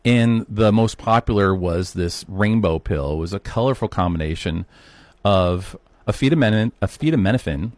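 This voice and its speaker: Man in his fifties, low voice, animated solo talk, rhetorical questions to viewers. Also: normal speed, no echo. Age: 50s. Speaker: health talk host. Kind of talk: solo educational monologue.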